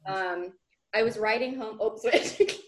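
A young woman co-hosts a casual podcast over a video call. Her voice sits a little high. She tells stories in a chatty, giggly way. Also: slow pace, reverberant. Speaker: podcast co-host. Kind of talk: casual chat.

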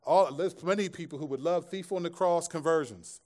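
A man's voice: a little high, normal speed, darkish tone. A man pastor giving a sermon to a live congregation in a conversational style, mixing scripture with jokes and asides. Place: church room with a live audience.

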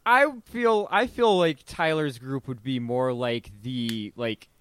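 A man's voice: mid-range voice, slow, a bit bright, clear, resonant tone. A man in a casual chat making wry, sarcastic asides.

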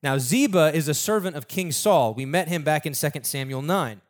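A man's voice: on the high side, lively intonation, normal speed. A man preaching a sermon in a casual, conversational storytelling way, acting out the people in the story.

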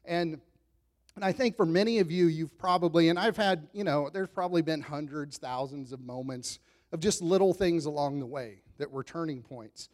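A man in his thirties delivers a sermon in an easy, conversational tone. His voice sits a touch high, and he tells stories with self-deprecating humor and frequent chuckles. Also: normal speed, darkish tone. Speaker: pastor.

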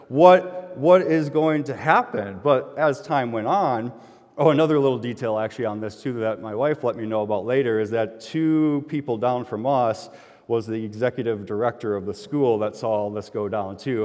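A middle-aged pastor tells a personal story from the pulpit in an easygoing, chatty way. His voice sits at an ordinary male pitch and swells loud and animated when he gets worked up. A long reverb from the hall trails behind every line. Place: church sanctuary.

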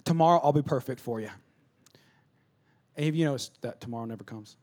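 A man preaching a conversational sermon, acting out little dialogues and swinging between loud bursts and hushed asides. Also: mid-range voice, fast talker. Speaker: pastor.

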